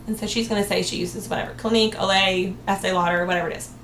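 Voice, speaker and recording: A woman's voice: medium pitch, quick pace. A woman giving a sales training talk, upbeat and acting out cheerful sample replies to customers. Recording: echoey room with faint noise.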